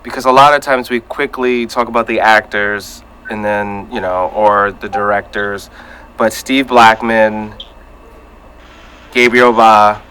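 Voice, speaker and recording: A man hosting a casual podcast chat, talking in an animated way and acting out his reactions. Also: lowish voice, a little slow, clear, resonant tone, rough recording. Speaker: podcast host.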